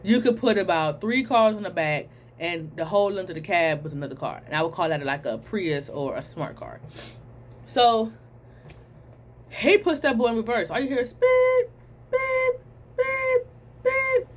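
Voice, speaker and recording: A young woman, telling a storytime to viewers in a casual, animated way, acting out sounds and voices. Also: lowish voice, moderate pace, a little hiss or hum. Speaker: storytelling vlogger.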